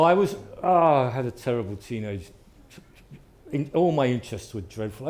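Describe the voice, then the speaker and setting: A man, an author, telling anecdotes to a live audience in a lively storytelling manner and acting out what people said. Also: medium pitch. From Britain. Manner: lively storyteller, acts out quotes. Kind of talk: anecdotal talk.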